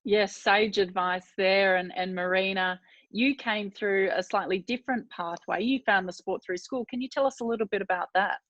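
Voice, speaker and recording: Woman interviewer, quick encouraging questions, lo-fi dry sound. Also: medium pitch, a bit bright, no echo. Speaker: interviewer, Olympic rower. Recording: dull lo-fi sound.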